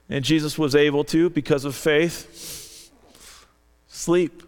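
A man's voice: on the high side, fairly even intonation, takes it slowly, pauses often, clean tone. A man preaching a sermon, earnestly reading scripture aloud and lifting his voice for the quoted lines. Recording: long reverb of a large hall.

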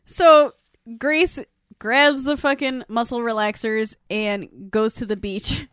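A woman's voice: on the high side, takes it slowly, smooth, dry recording, studio quality. A woman co-hosting a casual podcast, retelling a show scene by scene and acting out the characters' lines. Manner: animated, acts out characters' lines in quotes. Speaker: podcast co-host recapping a show. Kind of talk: casual chat.

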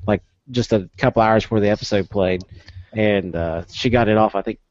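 A man's voice: fairly low pitch, fairly quick, dry recording. A man with a US East Coast accent, co-hosting a podcast in casual chat and acting out quotes as he tells stories. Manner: animated storyteller, acts out quotes. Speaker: podcast co-host. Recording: dull, lo-fi dry sound.

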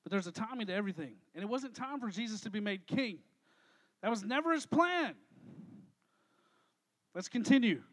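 A man with a strikingly high voice preaches a casual sermon. He keeps it light and playful, throwing questions out to his listeners and teasing them. His delivery is lively and conversational. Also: moderate pace, pauses often. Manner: energetic, joking, talks to the crowd with questions. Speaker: pastor. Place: church hall with a live audience.

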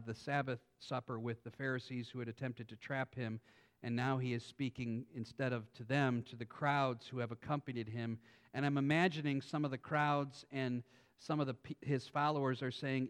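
A man's voice: medium pitch, fairly even intonation, moderate pace. A man, a pastor preaching a sermon, reading scripture and talking earnestly with asides to the congregation.

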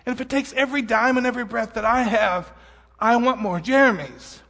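This pastor's voice is high and fairly bright, and the recording has a big-room sound. Speaking in a church auditorium, he makes an earnest, vulnerable appeal, poking fun at himself and sometimes nearly crying.

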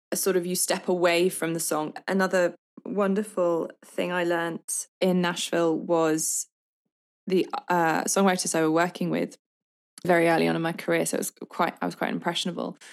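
A woman in her thirties, a songwriter guest on an interview podcast, talks in a somewhat low voice. She tells stories with energy and slips into acted-out quotes in quick bursts. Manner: animated storyteller, acts out quotes with quick bursts.

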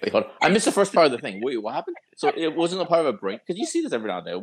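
A man co-hosting a casual podcast, making fast jokes and laughing while he talks. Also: a little high, wildly swooping pitch, slightly rough, dry recording, poor audio. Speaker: co-host.

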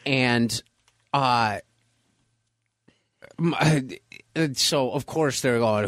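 Casual podcast co-host, man, mid-pitch, animated storyteller, dry close sound. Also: extremely slow, pauses often, dry recording. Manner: animated storytelling, acting out friends' voices. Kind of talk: casual chat.

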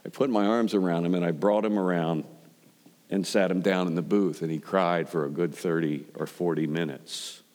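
A man's voice: low voice, fairly even intonation, moderate pace, darkish tone, big-room sound. A man preaching a sermon in a conversational storytelling way, building up to rhetorical questions. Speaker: pastor.

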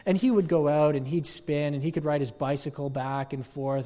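A man pastor giving a sermon, telling a story with animated delivery and acting out crowd voices. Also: fairly high pitch, normal speed, in a large hall. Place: church.

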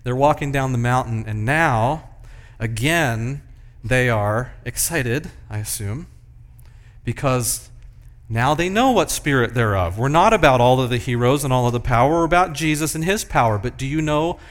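A man preaching a sermon, moving between loud, emphatic passages and hushed, slow ones. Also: medium pitch, lively intonation. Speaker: pastor.

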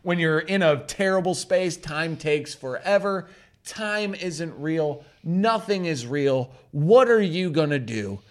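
A man co-hosting a podcast, talking loosely with a slightly raised pitch. He swears freely and breaks into laughs often. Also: expressive, slow. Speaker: podcast co-host. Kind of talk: casual chat.

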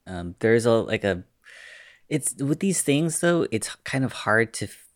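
A man's voice: medium pitch, very animated, a little slow, dry recording, clean studio sound. A man on a casual film podcast who mostly offers short interjections and bits of trivia.

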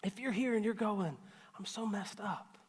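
A male pastor preaching a sermon, swinging between loud emphatic lines and hushed, earnest asides. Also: sits high, moderate pace, husky. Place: church auditorium. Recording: long hall reverb.

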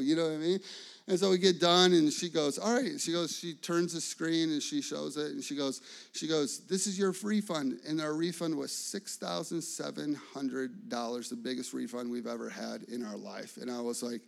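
Animated male pastor preaching. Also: on the high side, moderate pace, gravelly. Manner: animated storytelling, acts out dialogue, fillers. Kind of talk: sermon.

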